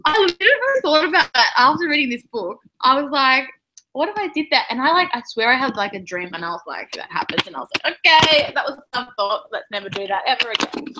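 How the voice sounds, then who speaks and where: A woman's voice: high voice, sing-song, quick pace, background noise. A woman chatting on a video call about a book, thinking aloud and swearing freely. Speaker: book club co-host. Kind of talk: casual video call chat.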